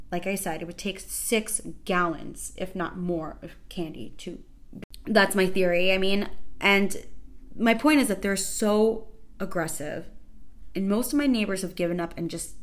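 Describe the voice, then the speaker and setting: A woman hosting a podcast, telling stories in a casual comedic way, animated and sarcastic, exaggerating for effect. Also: fairly low pitch. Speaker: podcast host.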